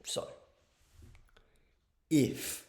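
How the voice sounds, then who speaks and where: A man's voice: drawn-out words, a little mellow, slight background noise. A man giving casual advice in a blunt, profane way, often checking in with the listener. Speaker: advice vlogger. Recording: roomy echo.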